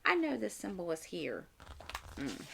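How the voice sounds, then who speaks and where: A woman's voice: on the low side, huge pitch swings, measured pace, vocal fry, pushed and bright, slight background noise. A middle-aged woman chatting casually at home while crafting, rambling and talking to herself as she works. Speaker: channel host. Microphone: desk mic.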